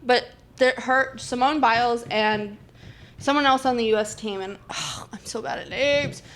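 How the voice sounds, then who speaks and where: A woman's voice: fairly high pitch, moderate pace, a little hiss or hum. A young woman hosting a podcast in casual chat, swearing freely and losing track of names. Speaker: podcast host.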